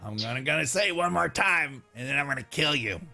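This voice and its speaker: A man's voice: fairly high pitch, expressive, quick pace, vocal fry, sharp tone, soft background music, pitched above the performer's own voice, full character voice. A man voicing a greedy, scheming goblin boss who sneers, demands payment and threatens, in a tabletop game. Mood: threatening.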